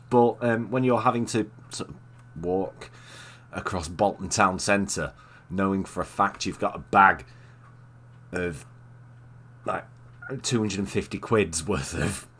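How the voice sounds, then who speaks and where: Host, man, very low voice, bright and forceful, hesitant with fillers. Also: takes it slowly, long pauses. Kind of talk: casual chat.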